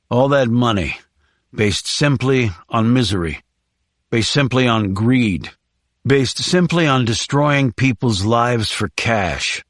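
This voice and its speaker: This audiobook is narrated from a script by a man whose lowish voice keeps a measured, even storytelling pace. The audio is studio quality, with no echo.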